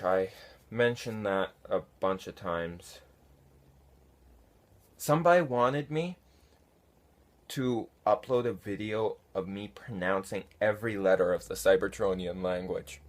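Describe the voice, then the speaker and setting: A man casually answering viewer comments, unhurried and halting, with many fillers. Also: fairly low pitch. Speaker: fan conlang vlogger answering comments. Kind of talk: casual talk to camera.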